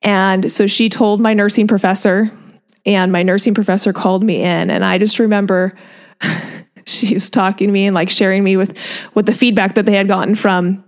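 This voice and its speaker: A woman's voice: mid-range voice, fairly even intonation, normal speed. Chatty woman coach, laughing often. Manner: chatty, with frequent "like" fillers and light laughs. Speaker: nutrition coach. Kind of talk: casual podcast monologue.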